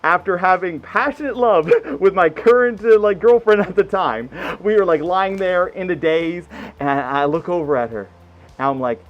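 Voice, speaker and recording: A man's voice: high-pitched, moderate pace, highs cut off, faint music behind. A man telling a funny personal story in casual conversation, swearing freely. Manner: animated, swears freely, acts out quoted voices.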